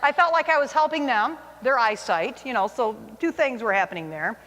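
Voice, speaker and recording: A woman's voice: fairly high pitch, expressive, moderate pace, a bit bright. A woman in her forties, a teacher, telling a funny personal story to an audience with self-mocking humor. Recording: long hall reverb.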